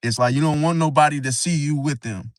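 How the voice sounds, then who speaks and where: Casting: man, slightly high voice, AAVE speech, rambling talk-show host with frequent restarts, dry mic. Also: no room sound. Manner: rambling, halting, frequent "see?" tag. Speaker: astrology channel host. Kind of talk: casual livestream talk.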